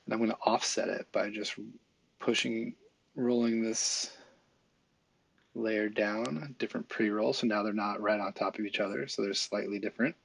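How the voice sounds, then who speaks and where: Low gravelly guy doing a screen tutorial, kinda husky, chill and rambly, dry close sound. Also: fairly even intonation, moderate pace, a bit bright. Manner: casual, thinking aloud with fillers and asides. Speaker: visual effects tutorial instructor. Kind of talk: screen-recorded software tutorial.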